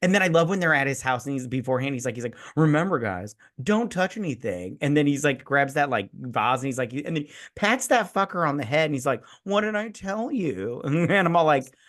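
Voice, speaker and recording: A man's voice: mid-range voice, fast, few pauses. Profane tipsy man ranting about a movie. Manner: profane, animated, acts out quoted film scenes. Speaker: podcast co-host. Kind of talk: casual chat.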